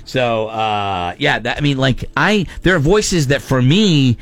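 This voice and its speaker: A man's voice: medium pitch, lively intonation, a little slow, dry recording. A man hosting a morning radio show, taking calls in chatty, teasing banter and laughing often.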